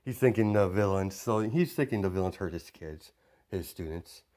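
A man's voice: low voice, moderate pace, darkish tone. A man casually retelling a fan story, rambling with many fillers and restarts.

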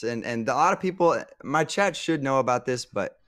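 A man's voice: mid-range voice, animated, moderate pace, a bit bright, dry recording, studio quality. A man who streams, chatting casually as a podcast guest, rambling and restarting his sentences and laughing easily. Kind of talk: casual live podcast chat.

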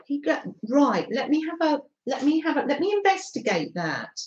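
A woman's voice: high-pitched, sing-song, normal speed, a little hiss or hum. A woman with a North London accent chatting casually with her live-stream viewers, giggling often and reading out their comments. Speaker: craft live-stream host. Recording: echoey room, slightly dull sound.

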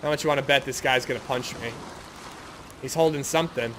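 A man giving gameplay commentary, excitable and ranting with frequent swearing. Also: mid-range voice, fairly quick, background noise. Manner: excitable, swears freely, rants in frustration. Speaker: gaming video creator.

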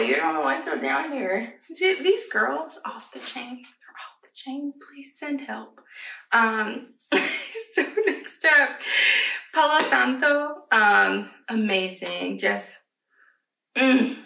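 A woman with a high, bright voice that swings all over the place chats through her haul, giggling often and trailing off into little asides to her pets. Her voice has a gravelly edge. The sound is roomy, and she is heard from a bit away from the camera mic at home. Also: lively intonation, slow pace, a little hiss or hum. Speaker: vlogger. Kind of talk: casual haul chat to camera. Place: at home, indoors. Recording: roomy, slightly distant home audio.

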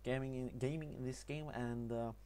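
A young man with a Norwegian accent talking over gameplay in a casual tutorial, halting often with fillers and restarts. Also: medium pitch, fairly even intonation, mellow, clean tone. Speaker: gaming tutorial narrator.

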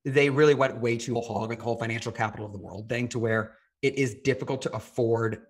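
A man talking casually as a podcast guest, rambling quickly with lots of filler words. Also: mid-range voice, steady tone, breathy edge. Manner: fast, rambling, frequent "like" fillers. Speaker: podcast guest, data engineer. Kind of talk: casual interview chat.

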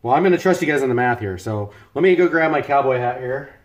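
A man's voice: medium pitch, lively intonation, fast. Chatty American man on a live stream. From United States. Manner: chatty, greets viewers by name with a lifted voice. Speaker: live-streaming cooking host. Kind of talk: casual live-stream chat.

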